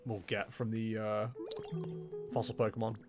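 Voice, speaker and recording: A man's voice: fairly low pitch, level tone, moderate pace, music in the background. A man chatting casually and rambling with self-mocking humor while livestreaming a game. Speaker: streamer. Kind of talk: casual gameplay livestream chat.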